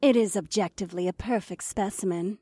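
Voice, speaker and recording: A woman playing a flat, logical android. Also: mid-range voice, brisk, breathy edge, no echo, clean studio sound, close to an everyday voice. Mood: detached. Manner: flat, precise, emotionless. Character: calm logical female android.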